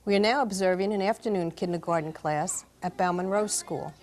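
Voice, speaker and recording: A woman, a guest on an education program, explaining classroom footage in a measured voice-over. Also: fairly low pitch, darkish tone. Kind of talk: voice-over narration.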